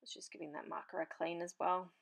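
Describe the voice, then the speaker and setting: Woman, papercraft tutorial host; low voice with gravelly fry, relaxed chatty delivery while working. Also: fast. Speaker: papercraft host demonstrating marker colouring. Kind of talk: casual tutorial voice-over.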